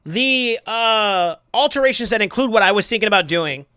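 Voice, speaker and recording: A man streaming live, casually chatting and thanking viewers, excitable with sudden yells, his voice going hoarse from yelling. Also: high-pitched, moderate pace, no room sound, clean studio sound.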